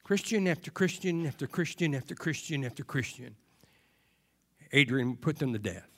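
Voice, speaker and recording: A man preaching a sermon, moving from quiet, hushed passages to loud, emphatic cries and repeated phrases. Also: mid-range voice, animated, moderate pace.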